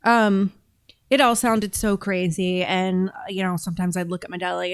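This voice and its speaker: A woman's voice: on the low side, little pitch movement, normal speed, smooth. A woman hosting a reaction show speaks in a chatty, emphatic, conversational way. She sits close to the mic in a dry, dead-sounding space with no room echo. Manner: chatty, emphatic, talks with her mouth full at times. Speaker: show host reacting to videos. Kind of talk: casual commentary.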